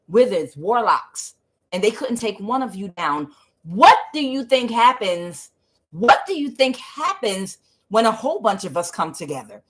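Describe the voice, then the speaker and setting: A woman doing a tarot reading for her channel viewers, talking casually, swearing now and then and swinging between low mutters and loud excited bursts. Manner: swears casually, addresses viewers as guys and y'all. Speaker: tarot reader.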